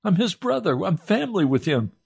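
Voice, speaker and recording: A man's voice: sits high, sing-song, brisk, gravelly, darkish tone, husky. A preacher delivers an impassioned sermon. He pleads with his listeners and sounds close to tears. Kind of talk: emotional sermon.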